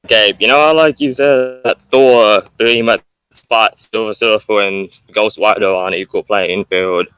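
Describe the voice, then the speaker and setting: A man's voice: lowish voice, steady tone, unhurried, fairly bright tone, smooth, low-quality recording. A young man in a casual online debate, arguing back with questions and rambling points. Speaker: debate opponent.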